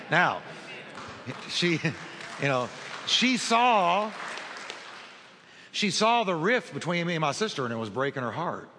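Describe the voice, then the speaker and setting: A man's voice: medium pitch, bright, forceful tone, big-room sound. A man preaching a sermon, telling a personal story and acting out the dialogue in it. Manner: storytelling, acts out quoted dialogue. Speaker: pastor.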